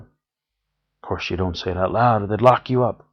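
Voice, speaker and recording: A man's voice: lowish voice, moderate pace, long pauses. A man giving an earnest, emphatic spiritual talk, repeating phrases for emphasis. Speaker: spiritual teacher. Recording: dull lo-fi recording.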